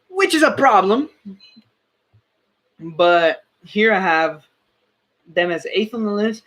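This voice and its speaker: High-voiced opinionated young man. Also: fairly bright tone. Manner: opinionated, self-correcting, restarts often. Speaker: sports commentator. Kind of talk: casual sports commentary.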